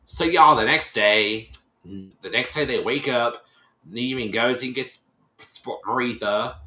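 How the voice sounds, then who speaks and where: A man's voice: medium pitch, takes it slowly, pushed and bright, roomy sound, low-quality recording. A man casually recapping a TV episode, rambling and restarting often and acting out the people he quotes. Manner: rambling storyteller, many restarts, acts out quotes. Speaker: show reviewer.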